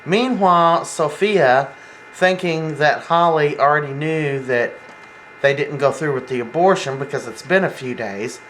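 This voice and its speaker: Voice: mid-range voice, a little slow, fairly bright tone, a little hiss or hum, low-quality recording. A soap opera fan giving a casual, rambling episode recap, full of fillers and restarts. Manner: rambling, acts out quoted lines, many fillers.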